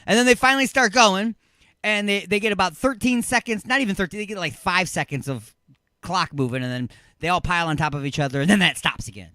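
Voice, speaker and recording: A middle-aged man hosting a call-in radio show from a studio, joking and rambling excitedly. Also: high-pitched, fast, no echo. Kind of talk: casual call-in radio chat.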